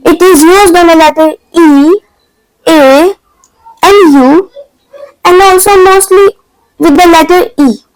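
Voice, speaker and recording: Woman teacher with a really high voice, walks through it slow and patient, dry close mic. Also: no room sound, rough recording. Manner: patient, explains step by step, non-native English phrasing. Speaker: French teacher. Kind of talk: online language lesson.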